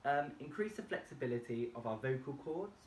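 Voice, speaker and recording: A man presenting a vocal warm-up tutorial and explaining each step plainly. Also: medium pitch, lively intonation, fairly quick, a little hiss or hum. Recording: echoey room, distant mic, faint music. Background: faint backing music from a laptop.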